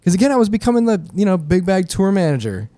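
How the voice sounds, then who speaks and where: A middle-aged man telling stories casually in an interview, animated and full of fillers. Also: high voice, quick pace, no echo. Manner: animated storyteller, many fillers. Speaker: podcast guest, nonprofit founder.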